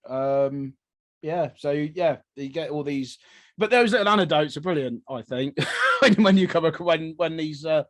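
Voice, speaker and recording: A man's voice: fairly high pitch, normal speed, fairly bright tone, dry recording. A man co-hosting a casual history podcast, rambling, laughing often and acting out quotes. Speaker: podcast co-host.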